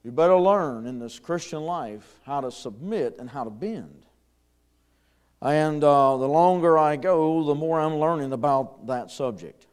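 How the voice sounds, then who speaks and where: A man's voice: fairly high pitch, a little slow, a little mellow, clear, resonant tone. A middle-aged man, preaching a conversational sermon in a church, with chuckles and fillers. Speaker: pastor. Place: church sanctuary.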